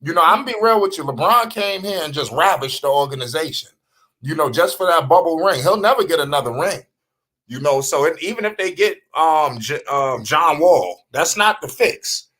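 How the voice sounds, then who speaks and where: A high-pitched man hosts a loose live sports chat. He talks with lots of energy, swears freely, and keeps checking in with "you understand?". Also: normal speed. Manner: animated, profane, keeps asking "you understand?". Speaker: sports talk show host. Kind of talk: casual live sports talk.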